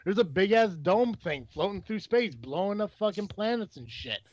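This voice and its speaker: Podcast host, adult man, rambling and profane, somewhat high voice, dull lo-fi dry recording. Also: animated, normal speed, darkish tone. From Illinois. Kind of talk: casual chat.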